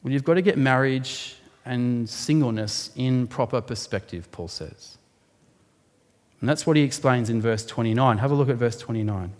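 A man preaching a sermon, explaining a Bible passage in an animated way and rising sharply for emphasis. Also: medium pitch, normal speed. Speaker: pastor. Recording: long hall reverb.

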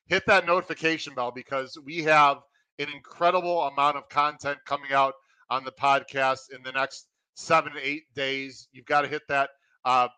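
A man hosting his racing podcast, excitedly welcoming listeners and running through promotions in an energetic, pumped-up way. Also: medium pitch, clean tone, no echo, poor audio. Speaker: podcast host.

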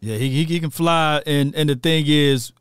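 A man's voice: on the high side, normal speed, clean tone, dry recording, clean studio sound. A man hosting a sports talk show, chatting loosely and rambling with a caller. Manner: rambling, loose, full of fillers and restarts. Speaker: show host.

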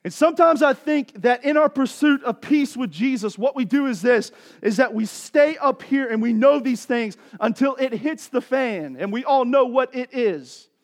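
A man's voice: very high-pitched, expressive, moderate pace, hardly any pauses. A man, preaching a sermon in a casual, conversational way that builds to impassioned pleading. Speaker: pastor.

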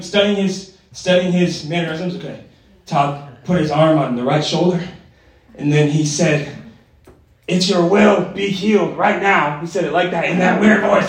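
A man preaching a sermon in an energetic, conversational way, often checking in with the room. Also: a little high, brisk. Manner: energetic, conversational, tag questions. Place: church gathering hall. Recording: echoey hall from far off.

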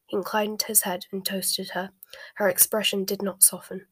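A woman narrating a novel in a hushed, whispered storybook voice, soft and steady. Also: mid-range voice, moderate pace, breathy edge, no room sound.

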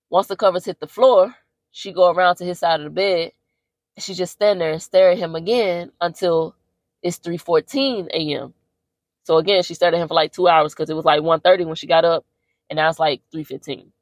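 A woman's voice: fairly low pitch, no room sound. Slangy woman recapping a movie. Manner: slangy, profane, animated storyteller. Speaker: podcast host.

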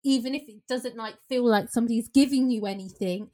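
A woman's voice: a little high, a little fast, mellow. A woman hosting a podcast, asking questions in a thoughtful, conversational way. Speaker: podcast host. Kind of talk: casual conversation.

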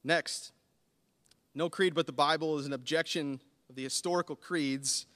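A man's voice: on the high side, moderate pace. Earnest male preacher, hall reverb. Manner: earnest, building to animated emphasis. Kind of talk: sermon.

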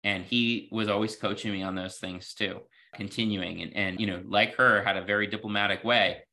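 Bright-voiced man telling interview stories. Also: on the low side, steady tone, moderate pace. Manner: earnest, sprinkled with "you know" fillers. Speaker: podcast guest, healthcare executive. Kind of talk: reflective interview storytelling.

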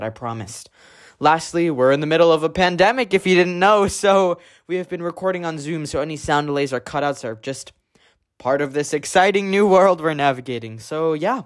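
A man introducing a podcast in a casual, slightly halting way, explaining that the crew is new to it. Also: a little high. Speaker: podcast host.

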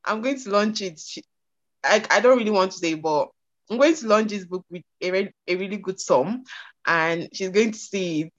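A woman's voice: medium pitch, moderate pace. A woman speaking enthusiastically and repetitively as a guest on an online call. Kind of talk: speech on a video call. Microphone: online call audio. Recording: muffled lo-fi call audio.

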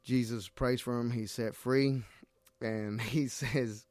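A man's voice: medium pitch, steady tone, slow pace, darkish tone, no echo. A middle-aged man from Nicaragua, a missionary guest, talking earnestly about his faith and retelling scripture stories with animation. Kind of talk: casual faith conversation.

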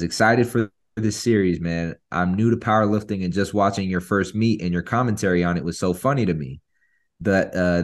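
A man guest on a podcast speaking earnestly in casual chat, often restarting his words. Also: sits low.

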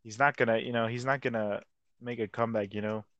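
A man's voice: medium pitch, fairly even intonation, quick pace, fairly bright tone, no room sound, muffled recording. Young man, podcast co-host, casual rambling chat, stumbles on words, dry recording. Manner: rambling, slangy, acts out quotes.

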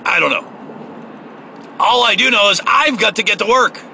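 A man's voice: sits high, moderate pace, creaky, bright, forceful tone, a little hiss or hum, rough recording. A man giving a heated, profane, sarcastic political rant, recorded in a car. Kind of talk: ranting political monologue.

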